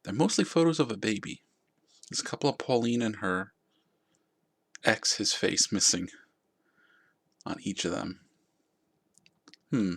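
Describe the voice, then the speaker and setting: Gravelly, husky-voiced gamer man musing. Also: fairly low pitch, lively intonation, unhurried, pauses often, a bit bright. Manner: casual, musing and wry, reads choices aloud. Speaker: gaming channel host. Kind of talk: let's play commentary.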